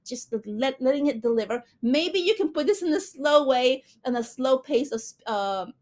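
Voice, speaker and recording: A woman hosting a podcast, giving an earnest, gushing motivational talk on manifesting, speaking quickly. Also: sits high, lively intonation, darkish tone. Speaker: podcast host.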